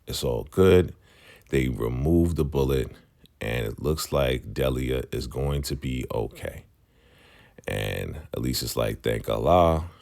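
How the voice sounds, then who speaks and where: A man casually recapping a TV episode, retelling the scenes with animated quotes of the characters. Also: rumbling low, creaky. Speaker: show recap host.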